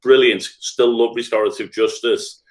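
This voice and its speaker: Speaking at normal speed with a steady, mid-range voice, this Liverpool-born restorative practice trainer talks earnestly and thoughtfully as a podcast guest. The middle-aged man has a Scouse accent and lays out his points as lists in a reflective conversation.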